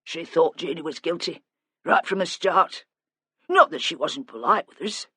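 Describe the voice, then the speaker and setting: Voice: mid-range voice, animated, normal speed, pushed and bright, husky, no echo, clean studio sound. A narrator doing a subdued grieving father. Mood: guilty. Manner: subdued, hesitant, plain-spoken. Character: grieving older father, quiet and guilt-ridden.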